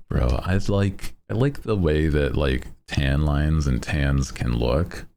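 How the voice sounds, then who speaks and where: A man's voice: extremely low pitch, very slow, vocal fry, darkish tone. A man streaming and chatting casually with his viewers in a playful, self-mocking way, laughing often. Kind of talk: casual chat.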